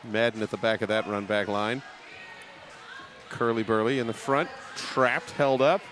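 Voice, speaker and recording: A man's voice: fairly low pitch, fairly even intonation. Joking male play-by-play commentator. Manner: joking, conversational, quick asides. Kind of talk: live sports commentary.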